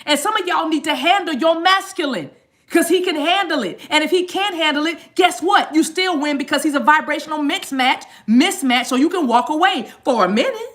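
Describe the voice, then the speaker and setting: Brief: woman, higher-pitched, spiritual reader talking to her viewers, animated and repetitive. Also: fairly quick. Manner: animated, repetitive, addresses audience as y'all. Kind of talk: live channeled reading to viewers.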